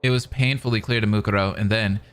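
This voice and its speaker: A man's voice: fairly low pitch, steady tone, fast talker, fairly bright tone. A young man streaming, reading a novel aloud between rambling, filler-heavy casual chat with viewers. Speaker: streamer reacting to a fan dub.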